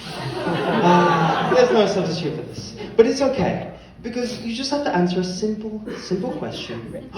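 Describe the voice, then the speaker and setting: A man's voice: high-pitched, recorded from a distance. Guy game-mastering on stage, playful, laughy, echoey hall with a crowd. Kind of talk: hosting a live stage game. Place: stage before a live audience.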